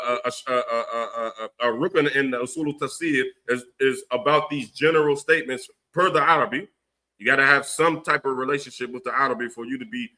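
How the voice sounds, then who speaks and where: A man with a Philadelphia accent hosting a livestream, ranting forcefully and preachily, with long runs of stammered fillers. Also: mid-range voice. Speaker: livestream host giving religious commentary. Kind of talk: heated livestream rant.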